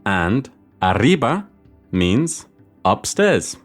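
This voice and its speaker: Man, language teacher, slow deliberate delivery, lively pitch, soft background music. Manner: lively, theatrical, slow careful pronunciation drills. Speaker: language podcast host. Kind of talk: scripted immersive language lesson. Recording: faint music under the voice.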